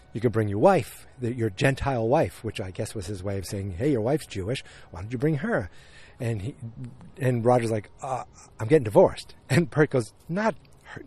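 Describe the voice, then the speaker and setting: A man's voice: mid-range voice, a little mellow. Rambling man recapping a TV episode. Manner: rambling, full of fillers and restarts. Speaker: podcast host.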